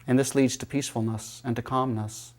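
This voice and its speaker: A man teaching yoga philosophy in a calm, reflective manner and telling teaching stories. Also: medium pitch, fairly quick. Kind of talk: spiritual lecture.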